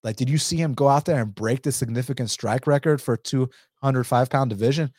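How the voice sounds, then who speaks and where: A man's voice: medium pitch, brisk, a little mellow, breathy edge, dry recording, studio quality. A young adult man giving a casual, blunt fight breakdown and betting picks, talking animatedly, swearing and using plenty of fillers. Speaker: MMA betting analyst.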